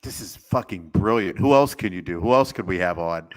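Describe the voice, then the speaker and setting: Playful male co-host, very low voice, casual chat. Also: lively intonation, a little fast. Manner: playful, joking questions. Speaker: podcast co-host.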